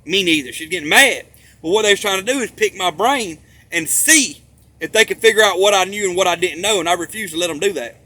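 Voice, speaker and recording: A man's voice: sits high, fast talker, bright, forceful tone, no echo. A man talking in a rambling monologue, emphatic and profane, repeating himself for stress.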